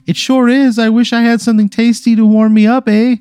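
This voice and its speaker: A man voicing a man in drag as a sweet pigtailed lady, speaking high and sing-song in a commercial skit. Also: flat delivery, a little fast, dark tone, clear, resonant tone, no echo. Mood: sugary.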